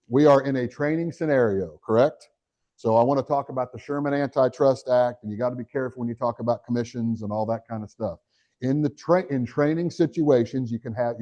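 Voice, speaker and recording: A middle-aged man giving a live real estate training, energetic and talking straight to the audience with questions. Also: medium pitch. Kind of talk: live motivational training talk.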